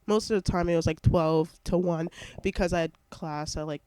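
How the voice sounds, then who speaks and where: A young adult college student vlogs from home through a headset mic, rambling casually with plenty of fillers, interrupting himself or herself, and sniffling through a stuffy, congested nose. The voice is medium-pitched, steady and mellow at a normal speed, with a clean tone and no room sound.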